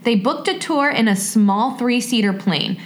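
A woman with a fairly high voice reads a listener's story aloud on a podcast. She reacts openly and with feeling along the way. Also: a little slow. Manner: expressive, emotional reactions. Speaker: podcast co-host. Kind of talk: reading listener stories aloud, casual chat.

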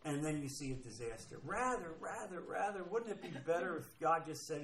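A man's voice: fairly high pitch, big pitch swings, a little fast, hardly any pauses, fairly bright tone, slight background noise, rough recording. A man preaching a sermon, emphatic and repeating key phrases as he reads scripture aloud. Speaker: pastor.

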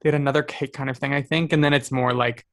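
A man's voice: medium pitch, fairly even intonation, fast talker. Chatty man co-host, enthusiastic casual talk, lots of filler words. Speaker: podcast co-host. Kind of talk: casual chat.

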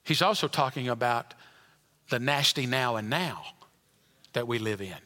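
A man preaching a sermon in a church, swinging from loud emphatic lines down to hushed, almost whispered endings. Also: mid-range voice, expressive, moderate pace. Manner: dynamic preaching, rising loud then dropping to near whisper. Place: church sanctuary. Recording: long hall reverb.

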